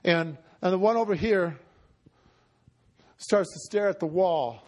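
A man preaching with a notably high voice. He tells his story with passion, often pushing up toward a cry before easing back down. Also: unhurried, darkish tone. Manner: impassioned, often rising to a cry. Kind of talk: sermon storytelling.

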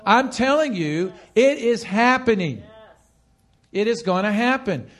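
At a measured pace, a male pastor delivers an animated sermon, his high voice swooping up and down. He has the congregation echo phrases back to him and hammers each point through repetition.

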